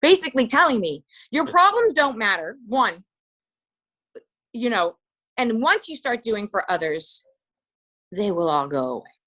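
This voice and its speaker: Candid, high-voiced woman guest. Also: unhurried, long pauses. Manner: candid, animated, swears casually. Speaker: podcast guest. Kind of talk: casual chat.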